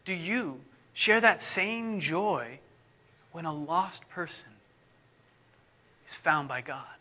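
A middle-aged man, a pastor, preaching in a conversational, self-deprecating way whose phrases often fade off softly. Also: on the high side, takes it slowly. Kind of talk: sermon.

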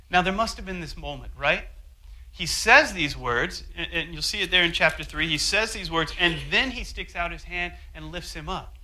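Guy giving a sermon, kinda high voice, storytelling, acts out the quotes. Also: brisk, bright, forceful tone, low-quality recording. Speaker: pastor.

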